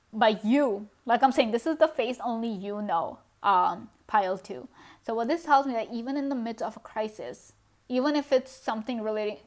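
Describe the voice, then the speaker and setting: A woman reads tarot cards in a relaxed, conversational way. Her voice sits a little high. She speaks directly to the viewer, dropping in "you know" and soft laughs as she goes. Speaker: tarot card reader. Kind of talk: casual pick-a-card tarot reading.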